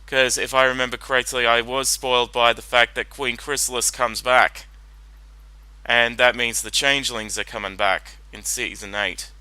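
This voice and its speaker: A man's voice: mid-range voice, level tone, moderate pace, bright, forceful tone, smooth, dry recording, poor audio. A man giving casual commentary while watching a cartoon, rambling and hesitant, often correcting himself. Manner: rambling, hesitant, self-interrupting. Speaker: reaction video host.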